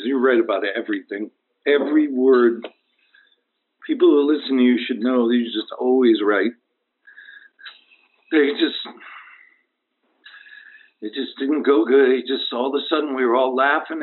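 A man playing a battered, sentimental young football player who rambles and wavers between mumbles and high cries over the phone. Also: close to an everyday voice. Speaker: caller. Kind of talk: comic prank call. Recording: tinny phone line.

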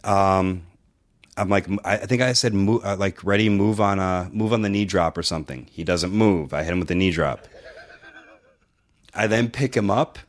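A middle-aged man who hosts a podcast and trains wrestlers spins a long, profane story in casual conversation. His voice is low, his pace moderate, and he pauses often while animatedly acting out quoted dialogue.

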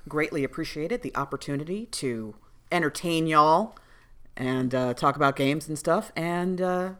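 A woman co-hosting a podcast in casual chat, with a lively, wry manner. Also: low-pitched, normal speed. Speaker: podcast co-host.

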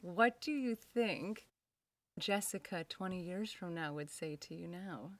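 A woman's voice: lowish voice, expressive, measured pace, fairly bright tone, dry recording. A woman hosting a podcast who asks her guest questions in an effusive, scattered, casual way. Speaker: podcast host. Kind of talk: casual interview chat.

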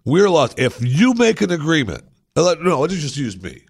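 A man's voice: on the high side, wildly swooping pitch, moderate pace, creaky, husky, no echo, studio quality. A man hosting a talk show, giving opinionated political commentary with indignant, sarcastic asides.

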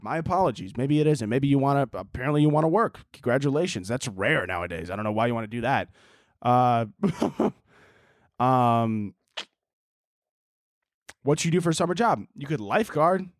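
A man's voice: medium pitch, expressive, brisk, no echo, clean studio sound. A podcast host, a man, giving casual advice in a profane, sarcastic ranting manner.

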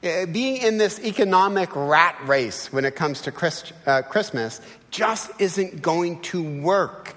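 A man in his fifties preaching a sermon with animated, humorous storytelling. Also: sits high, slow. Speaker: pastor. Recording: long hall reverb.

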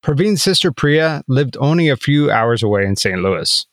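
A man co-hosting a podcast, narrating a true-crime story in a measured, scripted way. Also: mid-range voice, lively intonation, no room sound. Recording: dry studio voice with faint music.

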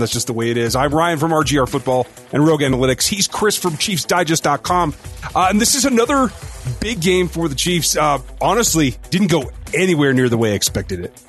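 A man co-hosting a sports podcast, talking through a game in an upbeat, quick, casual way. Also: fairly high pitch, a bit bright. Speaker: podcast co-host.

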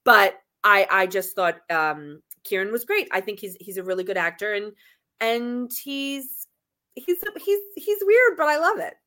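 A woman's voice: medium pitch, lively intonation, unhurried, bright, forceful tone. A woman co-hosting a podcast, chatting casually with lots of restarts and repeated words. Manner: chatty, many restarts and stammers. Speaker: podcast co-host. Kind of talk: casual chat.

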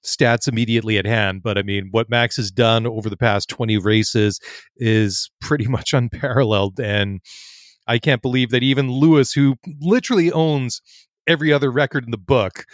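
A man's voice: mid-range voice, moderate pace, dry recording, clean studio sound. A man co-hosting a podcast, reading results and chatting loosely with many fillers and restarts. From not American. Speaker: podcast co-host. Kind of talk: casual podcast chat.

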